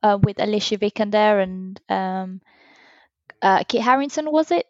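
A woman's voice: medium pitch, animated, normal speed, darkish tone, no room sound. A woman on a podcast panel, talking thoughtfully and hesitantly with many ums, on a dull lo-fi recording. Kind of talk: casual chat.

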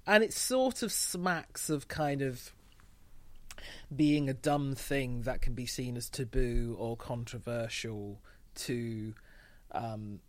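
A man co-hosting a podcast, talking casually in a measured, slightly hesitant way. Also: medium pitch, no echo. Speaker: podcast co-host.

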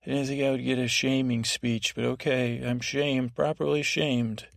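Gravelly, meandering man in a dry room. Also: mid-range voice, level tone, dry recording. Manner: meandering, halting, full of restarts and asides. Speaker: podcast host. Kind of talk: rambling bedtime TV recap.

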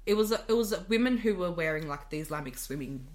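An Australian woman, a podcast guest, telling a story in casual chat, animated and full of "like" fillers. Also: low voice, fast talker. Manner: animated, many "like" fillers, laughs often.

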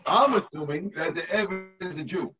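A man's voice: sits high, moderate pace, distant mic, music in the background, poor audio. A man, a rabbi, teaching a text to his students over a video call, explaining step by step and checking in with the class.

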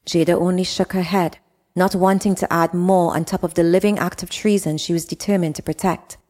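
A woman reading her own fiction aloud as steady, scripted audiobook narration. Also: fairly low pitch, normal speed, in a large hall. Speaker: author and narrator.

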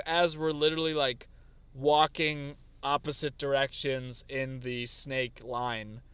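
Smooth-voiced young man telling stories. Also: fairly high pitch, a little slow, no room sound. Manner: animated storytelling with lots of fillers. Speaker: podcast co-host. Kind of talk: casual chat.

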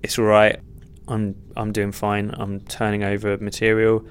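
A young stand-up comedian, appearing as a podcast guest, answers interview questions earnestly but in a rambling, self-deprecating way with many restarts. His voice is on the low side, monotone and unhurried, with a clear, resonant tone.

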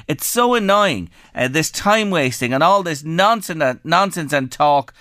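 A male radio presenter with a bright, crisp, slightly high voice, chatting enthusiastically. The sound is close and dry with no room. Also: animated, measured pace, hardly any pauses, no echo.

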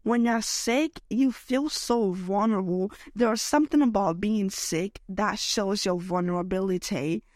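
A woman's voice: medium pitch, measured pace, hardly any pauses, a little mellow, dry recording, clean studio sound. Unwell young woman rambling on a podcast. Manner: rambling and emotional, lots of "like" and "okay?". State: unwell, voice affected by illness. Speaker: podcast host. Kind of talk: solo podcast rant.

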